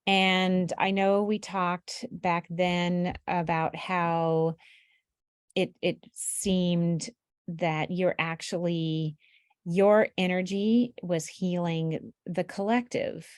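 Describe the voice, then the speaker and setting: A woman interviewer with a fairly low voice asks long, thoughtful questions at a very slow pace. Her words come haltingly, with fillers, and the sound is dry and close. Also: steady tone, dry recording. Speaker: interview host.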